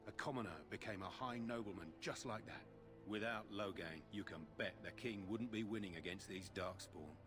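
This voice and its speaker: A man's voice: lowish voice, normal speed, over music, natural voice. An actor playing a chatty castle guard who talks admiringly about his commander. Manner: admiring, gossipy. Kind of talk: video game voice acting.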